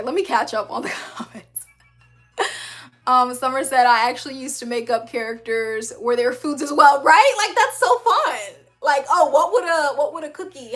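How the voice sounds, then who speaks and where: Young female streamer, high voice, animated and laughing, casual chat over soft background music. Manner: animated and upbeat, laughs often, uses slang. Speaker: livestream host, animator. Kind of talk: casual livestream chat reading comments.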